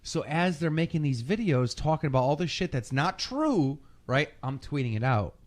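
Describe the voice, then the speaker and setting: Male guest, lively swooping delivery, somewhat high voice, swears freely, mimics people loudly. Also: normal speed. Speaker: podcast guest. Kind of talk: casual storytelling chat.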